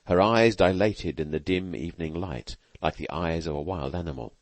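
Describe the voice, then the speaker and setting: A man narrating a classic novel as an audiobook in a measured, earnest reading. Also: deep voice, no echo. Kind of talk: scripted narration.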